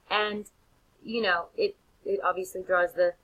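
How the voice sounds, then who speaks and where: A woman teacher giving a casual lecture, retelling the scenes in an animated, slangy way with many fillers and restarts. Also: lowish voice, a little slow, poor audio.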